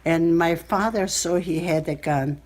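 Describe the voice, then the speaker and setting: An elderly woman in her eighties from Belarus tells her memories in an interview, her voice sitting a little low. She speaks haltingly, restarting phrases as she searches for words. It is captured on a cell phone. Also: a little mellow. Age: 80s. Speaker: Holocaust survivor interviewee. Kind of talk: personal storytelling in an interview.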